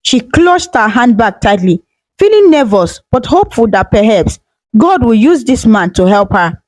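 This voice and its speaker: A woman storyteller narrating a scripted folktale in a steady, dramatic way on a close microphone. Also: a little high, normal speed, no echo, low-quality recording.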